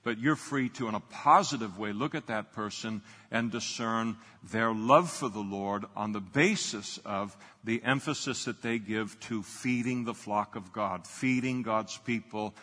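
A man's voice: fairly low pitch, measured pace, few pauses, a bit bright. Man preaching in a reverberant church. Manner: unscripted, many fillers and restarts. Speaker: pastor. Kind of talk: sermon.

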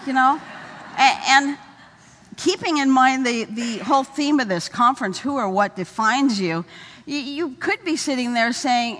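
An older woman speaking at a conference, telling humorous stories in a lively way and often repeating her words. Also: sits high, normal speed, in a large hall. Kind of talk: storytelling conference talk. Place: conference hall stage.

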